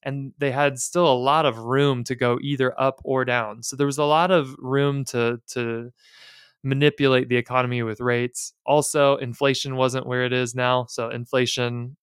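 A man's voice: mid-range voice, level tone, moderate pace, clear, resonant tone, no room sound, clean studio sound. A man in his thirties hosting a podcast, talking in a candid, chatty and plainspoken way with casual asides. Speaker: podcast host. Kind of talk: casual finance podcast talk.

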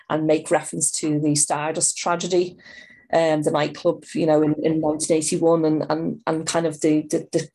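Middle-aged woman, low voice, keeps restarting her sentences, heartfelt. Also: a little mellow, husky. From Ireland. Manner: halting, full of restarts, heartfelt. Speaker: guest, writer and performer. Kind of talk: conversational interview.

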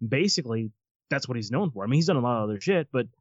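A man in his forties chatting casually and telling lively stories, often laughing at them. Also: mid-range voice, very fast, no room sound. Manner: animated storyteller, laughs at his own stories. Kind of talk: casual chat. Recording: slightly muffled lo-fi sound.

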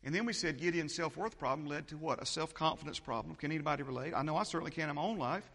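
High-voiced man preaching in a reverberant hall. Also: racing, fairly bright tone. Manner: emphatic, repetitive, building lists, interjects "amen". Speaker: pastor. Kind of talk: sermon.

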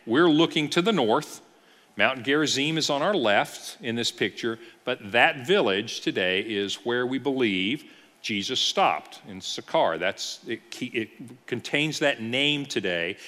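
A man, an executive pastor, teaching a church Bible class with animated storytelling and rhetorical questions. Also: medium pitch. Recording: long hall reverb.

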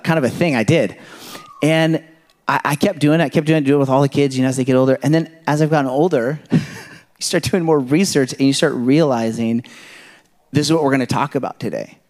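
A man's voice: mid-range voice, a little mellow. A man in his thirties preaching to a church congregation, telling personal stories in a loose, conversational way full of asides and fillers. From Kenya. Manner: conversational, rambling storyteller with frequent "like" and "you know". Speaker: pastor. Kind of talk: sermon.

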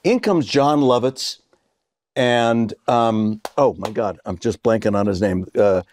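A man in his sixties telling a story in casual chat, animated, acting out the voices he quotes. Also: on the low side, unhurried, slight background noise. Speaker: guest actor.

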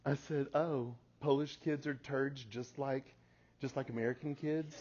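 Man in his forties, speaker, lively storytelling, chuckles often, mid-pitched voice, dull lo-fi sound. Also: moderate pace. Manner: animated, laughs at his own stories. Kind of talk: storytelling talk to an audience. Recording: slightly muffled lo-fi recording.

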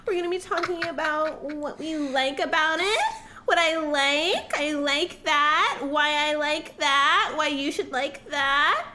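A woman putting on a breathy, sultry adult-film persona with drawn-out, moaning word endings. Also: high voice, pushed and bright, voice pushed up, full character voice.

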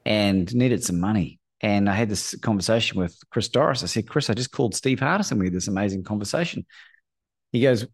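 His lowish voice is slightly rough and his delivery brisk: a middle-aged Australian courage coach telling a lively story as a podcast guest. He acts out quoted speakers and leans on "right?" again and again.

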